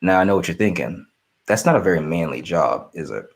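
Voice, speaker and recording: Talking briskly in a low, animated voice with vocal fry, a young streamer works through viewer questions on a laid-back live stream. His answers wander, interrupt themselves, and come with frequent apologies.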